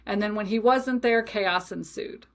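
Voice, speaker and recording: A young adult woman hosting a podcast, telling a personal story in a chatty, animated way with many asides. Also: medium pitch, measured pace. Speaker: podcast host. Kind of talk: casual storytelling monologue.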